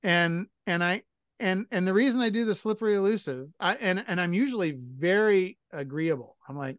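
A man's voice: high-pitched, animated, normal speed, no room sound, clean studio sound. A middle-aged man co-hosting a podcast, telling stories in a blunt, profane, self-mocking way. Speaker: podcast co-host. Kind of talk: casual chat.

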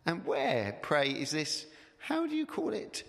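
A man reading aloud and voicing a scheming enchantress queen in a sweet, quiet, half-mocking tone, in a reverberant hall. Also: fairly high pitch, huge pitch swings, measured pace, gravelly, voice pushed up, exaggerated voice. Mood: coaxing. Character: soft-spoken scheming enchantress queen, female, coaxing.

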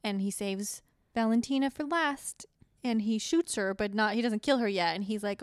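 A young woman co-hosts a podcast, chatting casually and laughing while she recaps a movie and does voices for its characters. Her medium-pitched voice has a clear, resonant tone at a moderate pace, in a dry, studio-quality recording.

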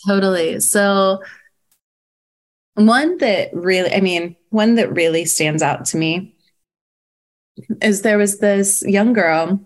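A woman who teaches poetry, telling a story in casual chat with a frank, animated way of talking, full of "like" and the odd swear word. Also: medium pitch, slow, pauses often.

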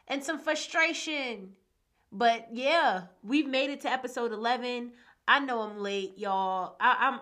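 A woman's voice: mid-range voice, bright, forceful tone. A woman, talking casually, candid and frank, swearing freely when frustrated. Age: 20s. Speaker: podcast host. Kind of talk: casual solo podcast talk.

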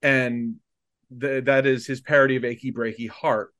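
Animated storytelling man, podcast co-host. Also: mid-range voice, normal speed. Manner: animated storyteller, laughs while retelling. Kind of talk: casual chat, storytelling.

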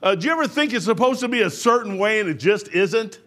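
A man's voice: high voice, expressive, quick pace, fairly bright tone. A man preaching a sermon in a folksy, rambling way, full of restarts.

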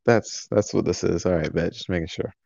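A man's voice: low voice, creaky, a little mellow, no echo, muffled recording. Joking man playing a tabletop game. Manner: joking, halting, repeats words. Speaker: player. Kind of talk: tabletop role-play, in character.

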